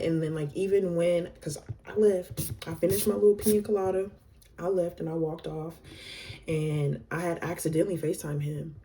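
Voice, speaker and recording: A young woman tells a casual storytime in an animated, slangy way, packed with fillers. Her voice sits fairly low with a warm, mellow tone. She is a little distant from the mic. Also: a little hiss or hum. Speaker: vlogger.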